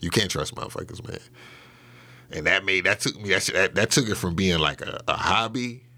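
A man's voice: sits low, fairly quick, sharp tone. A man being interviewed, telling a story in a loose, casual way with lots of fillers and swearing. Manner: loose and profane, with many fillers and restarts. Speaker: interview guest.

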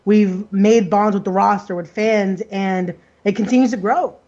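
A man's voice: sits high, fairly even intonation, measured pace, darkish tone, muffled recording. A man co-hosting a wrestling podcast, speaking in a reflective, heartfelt way. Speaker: podcast co-host. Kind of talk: casual podcast chat.

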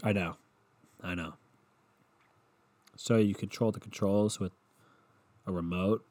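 A man's voice: low voice, steady tone, slow, darkish tone. Stuffy young guy with a cold, cussing and rambling on his podcast, mic right up close. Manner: profane, sarcastic, rambling. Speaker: podcast host. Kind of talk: casual solo podcast rant. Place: his room at home. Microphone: handheld mic held close to the mouth.

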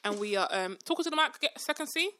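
A woman's voice: on the high side, lively intonation, racing, bright, forceful tone, a little hiss or hum. A woman co-hosting a casual chat, laughing often and reacting with sympathetic sounds. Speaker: podcast co-host.

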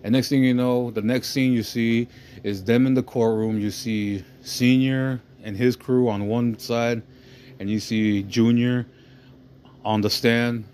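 A man's voice: mid-range voice, fairly even intonation, a little slow, darkish tone, slight background noise. A man casually retelling a movie plot as a podcast host, rambling and swearing, often asking "you know what I mean".

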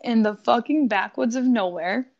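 Animated swearing storyteller woman. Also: on the high side, normal speed, gravelly, lo-fi sound. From Buffalo, New York. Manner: animated, swearing, laughs often. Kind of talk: casual storytelling chat.

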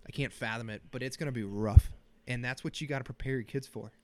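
Speaking fast at a medium pitch, this man has a warm voice. He's in his thirties and hosts a casual solo podcast from a small, cold home office, joking, rambling and poking fun at himself, with a slight sniffle.

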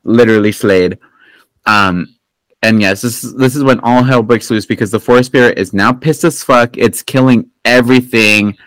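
A man's voice: medium pitch, normal speed, fairly bright tone, dry recording, low-quality recording. A male podcast host recapping a film in loose, rambling chat, swearing freely and tripping over restarts. His voice sits in an ordinary middle range and sounds close and dry, with no room around it. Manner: rambling, profane, full of fillers and restarts. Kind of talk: casual movie recap chat.

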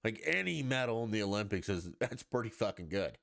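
A man's voice: fairly low pitch, big pitch swings, fairly quick, gravelly, a bit bright, no echo, clean studio sound. A man hosting a podcast, ranting in a blunt, profane and mocking way in a casual monologue. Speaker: podcast host.

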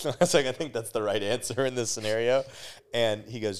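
A man's voice: lowish voice, quick pace, clean tone. A young man, a podcast guest, telling a candid personal story in casual talk, swearing freely and restarting his sentences.

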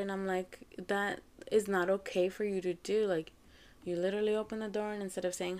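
A woman's voice: mid-range voice, level tone, a little fast, darkish tone. A woman in her thirties hosting a podcast, telling a personal family story in a chatty way, full of fillers, acting out the dialogue of her children. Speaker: podcast host. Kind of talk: casual storytelling monologue.

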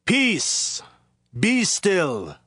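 Casting: a man voicing a solemn, commanding Jesus for a scripture audio drama, raised and varied pitch, slow and deliberate. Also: very animated, a bit bright, no room sound, clean studio sound, full character voice. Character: calm authoritative male teacher, Jesus.

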